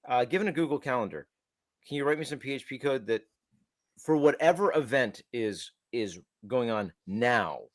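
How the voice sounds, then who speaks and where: A man's voice: medium pitch, no room sound, studio quality. A man co-hosting a developer podcast, telling stories in a casual, rambling way with many restarts. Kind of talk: casual tech chat.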